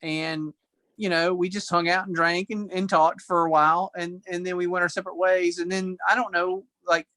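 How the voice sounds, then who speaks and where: Bright-voiced man rambling through a story. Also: high voice, little pitch movement, moderate pace, no room sound. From United States. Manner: rambling, easygoing, restarts sentences. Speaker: guest. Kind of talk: casual storytelling in an interview. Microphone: remote call.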